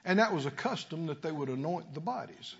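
A man's voice: fairly high pitch, lively intonation, a little fast, creaky. A man preaching a sermon to a congregation, calling for responses and rising to emphatic peaks. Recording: lo-fi church recording with long reverb.

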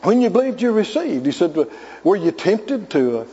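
Preacher guy, real high lively voice, dull echoey hall sound. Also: moderate pace, husky. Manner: storytelling, emphatic, rising to near shouts. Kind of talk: sermon.

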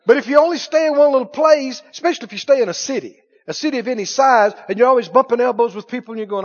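A man preaching a sermon in a folksy way, dropping to hushed lines and rising to loud exclamations. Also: extremely high pitch, racing, hardly any pauses. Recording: dull lo-fi sermon recording.

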